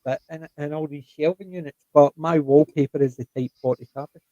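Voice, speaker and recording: An older Scottish man hosting a casual chat, his voice mellow and relaxed. He tells stories in an animated way and acts out the quotes. The sound is close and dry, with no room around it. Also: on the high side, fairly quick, dry recording, dull audio. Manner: chatty, animated storytelling with acted-out quotes. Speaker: host.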